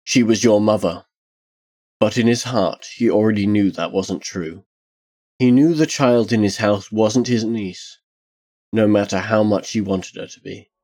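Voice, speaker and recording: A man reading a dark fantasy tale aloud in a measured, solemn storytelling manner. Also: fairly low pitch. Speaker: narrator.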